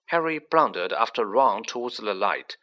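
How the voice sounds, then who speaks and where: A man's voice: lowish voice, expressive, moderate pace, pushed and bright. A man reading a children's story aloud, narrating with acted character voices. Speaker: audiobook reader.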